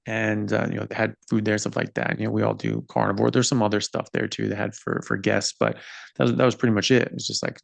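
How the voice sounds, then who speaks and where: A man's voice: lowish voice, gravelly, dry recording. A man hosting a podcast interview and explaining his points earnestly and with emphasis over a video call. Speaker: podcast host. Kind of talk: conversational interview.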